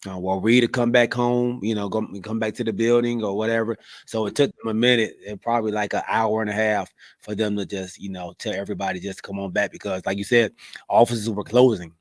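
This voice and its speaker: A man's voice: on the low side, fairly quick, dry recording. A middle-aged man co-hosting a podcast, reading the live chat and chatting casually, often saying "man" with plenty of fillers. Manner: relaxed, says "man" a lot, many fillers.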